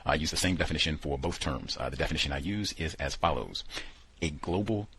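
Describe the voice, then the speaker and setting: Husky-voiced deep male radio host. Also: brisk, low-quality recording. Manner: animated storytelling with quoted asides, many fillers. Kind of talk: casual radio talk.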